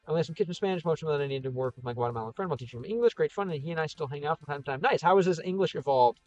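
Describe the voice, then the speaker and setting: Midwest dude rambling thru stream comments, upbeat, kinda dull lo-fi audio, faint music behind. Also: male voice, fairly high pitch, racing, a little mellow, no room sound. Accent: Chicago, American Midwest. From American Midwest. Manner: rambling, upbeat and encouraging, many fillers. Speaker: livestream host reading comments. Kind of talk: casual livestream chat.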